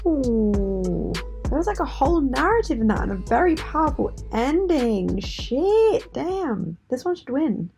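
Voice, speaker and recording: A woman's voice: sits high, very animated, a little mellow, soft background music. A woman reacting to a rap entry, gushing with short exclamations of praise. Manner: gushing, slow, gravelly. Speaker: guest reactor. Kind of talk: casual reaction commentary.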